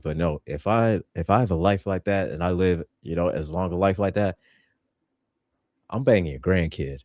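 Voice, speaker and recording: A man's voice: low-pitched, animated, normal speed, darkish tone, no echo, clean studio sound. A man hosting a podcast, reviewing a show in casual, joking chat. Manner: playful, joking, laughs a lot. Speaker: podcast host.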